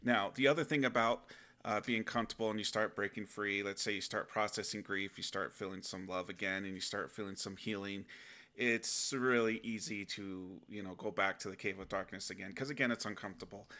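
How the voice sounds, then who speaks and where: A young adult man with a low, forceful voice talks casually to his viewers. He acts out inner dialogue with sudden animated outbursts. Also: a little fast. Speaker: self-help video host. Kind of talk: casual spoken reflection to camera.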